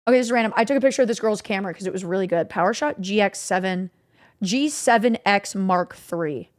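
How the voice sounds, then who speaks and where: A young woman streamer casually recapping stories to her chat, animated and swearing freely. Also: medium pitch, quick pace.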